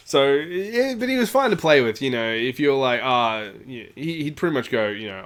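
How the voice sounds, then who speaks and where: A man tells a long, casual story from his gaming club, wandering into asides and filling gaps with uh and you know. His voice sits at an ordinary middle pitch. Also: very animated, normal speed, fairly bright tone, clean tone. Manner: rambling, many fillers and asides. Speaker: storyteller, tabletop channel host. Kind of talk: casual anecdote.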